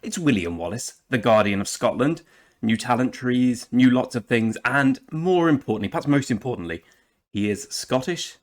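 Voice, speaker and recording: A man's voice: medium pitch, expressive, moderate pace. An English man hosting a game commentary video, chatty and jokey, now and then slipping into playful put-on accents. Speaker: gaming channel host.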